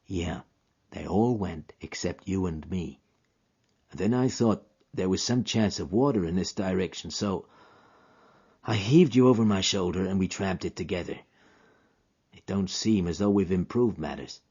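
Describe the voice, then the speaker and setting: A man playing a weary old frontiersman, deep and husky. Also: moderate pace, darkish tone. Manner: drawling frontier dialect. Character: weary old frontiersman, gentle and plain-spoken. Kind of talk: audio drama acting. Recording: dull lo-fi recording.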